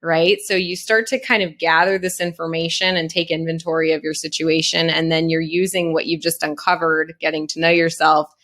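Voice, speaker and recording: A woman's voice: low voice, level tone, fairly quick, few pauses, a bit bright. A woman guest on a podcast, talking earnestly and reflectively, asking herself questions aloud. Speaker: podcast guest, Pilates business coach. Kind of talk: casual conversation.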